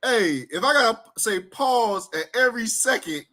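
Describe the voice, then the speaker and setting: A man's voice: very high-pitched, expressive, moderate pace, pushed and bright. A young man co-hosting a casual live sports stream, reading viewer comments aloud, teasing his co-host and laughing often.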